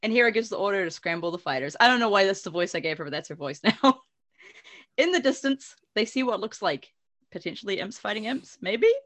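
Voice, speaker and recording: A woman's voice: mid-range voice, very animated, brisk, a bit bright. A woman podcast host casually recapping book chapters, giggly and swearing freely.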